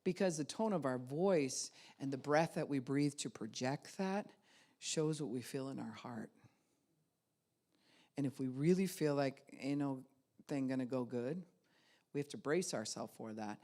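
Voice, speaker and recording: A woman pastor preaching a conversational sermon. She speaks directly to her listeners and swings her pitch and loudness to act out the thoughts she quotes. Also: unhurried.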